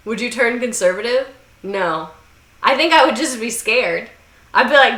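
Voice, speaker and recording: Sassy young woman host, crisp bright tone in an echoey room, swears freely and riffs sarcastically. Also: on the high side, lively intonation, slow, pauses often. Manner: irreverent, swearing, sarcastic asides; slips into mocking voices. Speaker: video essay host. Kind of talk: comedic history commentary. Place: room under bright lights.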